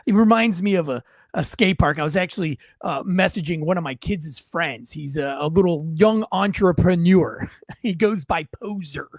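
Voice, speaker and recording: A man in his forties telling a story in casual talk, acting out the people in it with shouts and frequent restarts. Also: fairly high pitch, normal speed, no room sound, studio quality. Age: 40s. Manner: animated storyteller who acts out shouted quotes, with frequent restarts.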